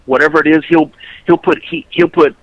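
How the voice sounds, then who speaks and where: A man's voice: a little high, fairly even intonation, fairly quick, no echo, dull audio. A man, a podcast co-host telling a long story in casual chat, rambling and restarting his sentences.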